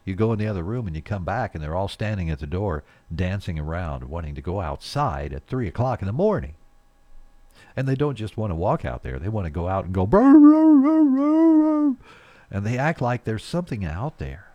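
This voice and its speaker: Chuckling low-voiced folksy radio host. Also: male voice, darkish tone, no room sound. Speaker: radio morning show host. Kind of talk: casual radio chat. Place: radio studio.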